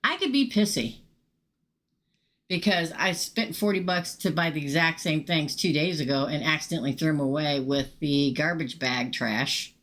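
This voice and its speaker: A middle-aged woman, telling a casual, animated story to viewers during a live tarot reading stream. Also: sits low, moderate pace. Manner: chatty, animated, swears casually and talks straight to viewers. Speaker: tarot reader hosting a live show.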